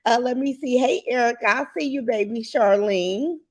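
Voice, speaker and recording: A woman's voice: on the high side, normal speed. A woman hosting her own livestream, greeting viewers in the chat one by one in a sing-song lilt, then chatting loosely about her day with plenty of ums. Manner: relaxed, rambling chat with many ums. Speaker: livestream host.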